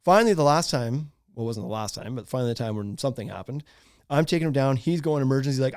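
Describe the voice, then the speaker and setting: A man, hosting a podcast and telling a story in casual chat, animated and laughing often. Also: mid-range voice, racing, no echo, studio quality. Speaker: podcast host.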